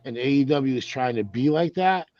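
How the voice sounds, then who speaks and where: A man's voice: mid-range voice, lively intonation, normal speed. A man co-hosting a casual wrestling podcast over a video call, rambling and tripping over his words. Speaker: podcast co-host. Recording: dull lo-fi mic.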